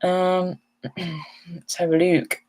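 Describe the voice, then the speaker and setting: A woman's voice: lowish voice, little pitch movement, very slow, a little mellow. Woman host, casual live-stream Q&A, upbeat and rambling, slightly tired. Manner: chatty, upbeat, rambling with many ums. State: yawning, a little tired. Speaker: outdoor channel host. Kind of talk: live-stream chat answering comments.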